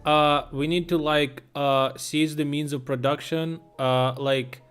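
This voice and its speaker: A man's voice: a little high, steady tone, slow, fairly bright tone, clear, resonant tone, soft background music. A man streaming live news commentary, reading headlines aloud in an irreverent way, swearing and laughing at his own jokes.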